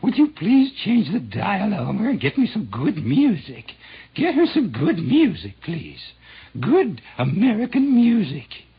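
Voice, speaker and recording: A man voicing a grumpy little old woman who complains to her husband about the radio, in a shrill, indignant tone. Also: huge pitch swings, unhurried, breathy edge, heavily acted. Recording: muffled old radio broadcast.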